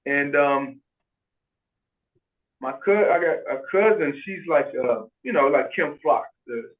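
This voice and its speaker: A man talks through a narrow, phone-like video call line, his voice sitting a little high. He tells his stories with animation, acting out what people said and often restarting mid-sentence. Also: slow pace. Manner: animated, acts out quoted voices, frequent restarts. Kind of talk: casual storytelling in a video call.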